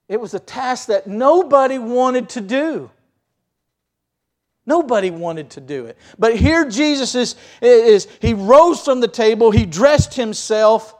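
A pastor with a high-pitched voice preaches a sermon, telling the story vividly as he swings between loud emphasis and quiet asides.

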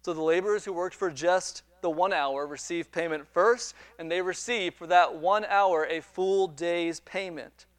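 A man's voice: high voice, a little slow, hardly any pauses, dry recording. A man preaching a sermon, retelling a parable with quoted dialogue and repeated words as he builds each point. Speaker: pastor.

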